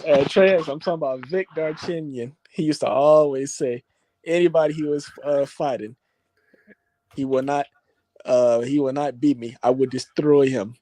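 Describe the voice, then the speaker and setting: A man's voice: fairly high pitch, normal speed, dark tone, no room sound. Dry-voiced man explaining boxing history. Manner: explains fight history, fillers like uh and you know. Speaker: co-host boxing fan. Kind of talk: casual chat.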